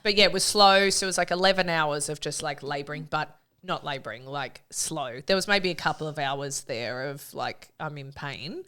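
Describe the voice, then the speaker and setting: Bright-voiced mum telling a story. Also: female voice, low-pitched, normal speed, few pauses, clean tone. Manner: animated storytelling, acts out quotes. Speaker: guest, mother of three. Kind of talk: casual chat.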